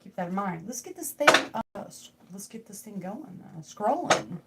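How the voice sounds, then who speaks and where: A young woman does tarot readings on a relaxed livestream from home, rambling, joking and talking to her chat. Her mid-range voice swings widely in pitch at a moderate pace. Heavy background noise runs under everything.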